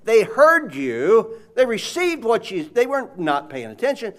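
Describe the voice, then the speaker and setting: High-voiced preacher man. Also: measured pace. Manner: animated, conversational, audience call-and-response. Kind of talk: sermon.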